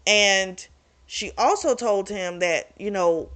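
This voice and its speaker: A woman's voice: medium pitch, slow, a bit bright. A young woman casually recapping and reviewing a romance novel, chatty and frank, swearing freely and talking straight to her viewers. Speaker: book club vlogger.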